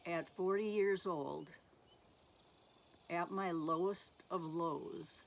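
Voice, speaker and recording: A middle-aged woman telling her personal faith testimony slowly and haltingly, with many pauses. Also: on the low side, fairly even intonation, gravelly. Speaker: speaker sharing her testimony.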